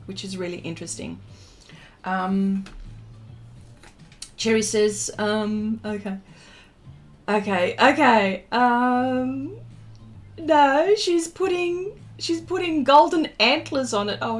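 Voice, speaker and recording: Slow, chatty woman hosting an art stream. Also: on the high side, animated, soft background music. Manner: chatty, self-teasing, reads viewer comments aloud. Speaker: art livestream host. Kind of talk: casual chat while drawing live.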